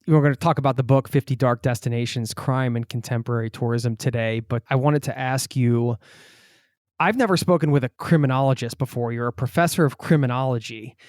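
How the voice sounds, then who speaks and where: A man's voice: medium pitch, fairly quick, no echo, studio quality. A man from the United States hosting a podcast, upbeat and friendly, greeting listeners as "my friend". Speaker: podcast host. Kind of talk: podcast intro and interview.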